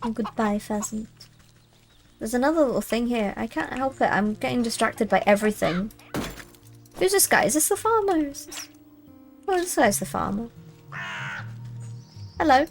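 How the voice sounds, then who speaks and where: A woman's voice: fairly high pitch, lively intonation, moderate pace, long pauses, faint music behind. A young woman streaming a game, chatting as she plays and reading the game text aloud. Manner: chatty, easily distracted, reads game text.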